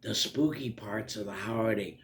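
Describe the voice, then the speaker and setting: A man voicing a kind young cartoon girl who speaks gently and reassuringly. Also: on the low side, normal speed, voice pushed down, close to an everyday voice. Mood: gentle.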